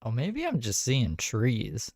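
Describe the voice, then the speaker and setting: A man's voice: medium pitch, huge pitch swings, slow, noisy background. A man giving casual, wry commentary on videos, musing aloud and talking to his viewers.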